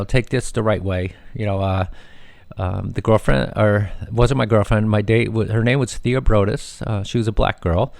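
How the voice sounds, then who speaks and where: A man's voice: fairly low pitch, creaky, no room sound. A middle-aged man hosting a radio show, telling rambling family stories with many fillers and restarts.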